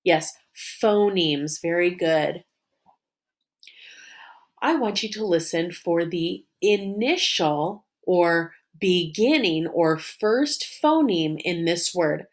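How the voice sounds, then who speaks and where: A woman teaching a phonics lesson to young children, modeling words and sounds slowly and warmly praising answers. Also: on the low side. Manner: slow, encouraging, drawn-out modeling of sounds and syllables.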